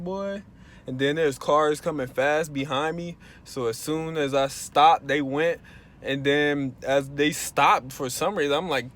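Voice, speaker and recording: Brief: young male vlogger, casual slang, relaxed storyteller who gets animated, mid pitch. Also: moderate pace. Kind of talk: casual vlog chat.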